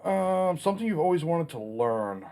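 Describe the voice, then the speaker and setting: A man's voice: a little high, sing-song, normal speed, darkish tone. Blunt plainspoken man in his forties. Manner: blunt, plainspoken, mildly profane. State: has the hiccups. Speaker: channel host answering a Q&A. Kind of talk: casual solo Q&A vlog.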